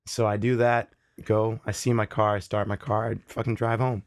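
Profane, animated man telling a story. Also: lowish voice, normal speed, no echo, studio quality. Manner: profane, animated, acts out the people in his stories. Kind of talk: casual storytelling.

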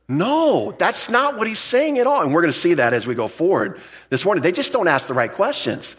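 A man's voice: very animated, normal speed, a bit bright, slightly rough. A man preaching a verse-by-verse sermon as a pastor, talking to the congregation in a conversational, emphatic way and often restarting his words. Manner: jumps up in pitch to stress key points. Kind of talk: expository sermon.

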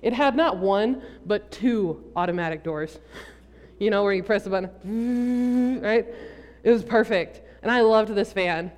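A woman's voice: medium pitch, a little slow, a little mellow. A young woman giving a sermon, telling a funny personal story with jokey asides to the audience. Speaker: preacher. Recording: long reverb from a large hall.

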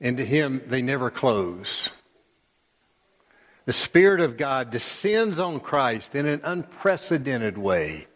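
A man preaching a sermon as pastor, slow and emphatic, pausing often and repeating phrases. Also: mid-range voice, very animated, fairly bright tone. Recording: long reverb of a church hall.

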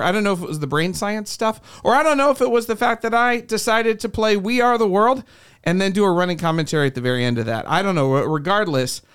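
A man's voice: sits high, a bit bright, smooth. A man hosting a podcast, chatting casually and cracking self-deprecating jokes in a studio. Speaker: podcast host. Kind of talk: casual chat.

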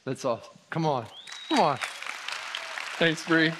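Encouraging pastor, slightly high voice. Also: male voice, measured pace, a crowd in the background, noisy background. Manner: informal, encouraging preacher, repeats phrases. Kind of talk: sermon. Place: church sanctuary.

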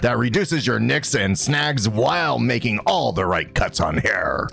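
A man playing a gruff male sports announcer, doing mock play-by-play commentary in an ad read. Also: mid-range voice, animated, measured pace, a bit bright, full character voice.

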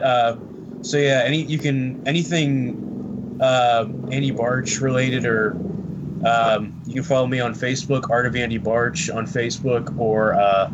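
A man talking casually as a podcast guest, rambling and halting with many fillers. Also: mid-range voice, lo-fi sound, noisy background. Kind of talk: casual chat.

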